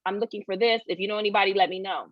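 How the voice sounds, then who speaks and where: A woman actress in a casual interview, telling animated stories, acting out what people said and laughing often. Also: medium pitch, rapid-fire, no room sound. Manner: animated storytelling, acts out quoted voices, laughs often. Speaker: actress, guest. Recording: dull lo-fi sound.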